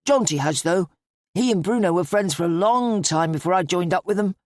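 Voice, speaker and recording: A woman's voice: fairly low pitch, expressive, a little fast, darkish tone, dry recording, studio quality, natural voice. A woman voicing an earnest, inquisitive young man who asks probing questions in a hesitant way.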